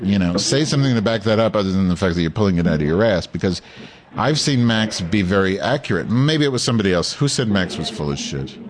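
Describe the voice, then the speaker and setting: Man, podcast host, low voice, crude and profane, ranting, live chat. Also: animated, fast talker, noisy background.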